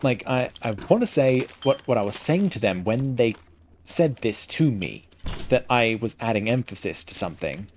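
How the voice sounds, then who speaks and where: A man giving casual gameplay commentary into a headset, pausing often to find the next word. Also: mid-range voice, big pitch swings, a little hiss or hum. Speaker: gaming streamer.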